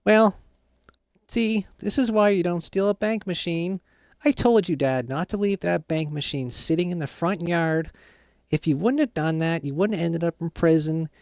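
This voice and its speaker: A man's voice: on the high side, normal speed, darkish tone, dry recording, studio quality, voice pushed up, lightly acted. A man voicing a bossy teenage son who lectures his father in a Minecraft role-play. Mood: scolding. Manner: lecturing, preachy.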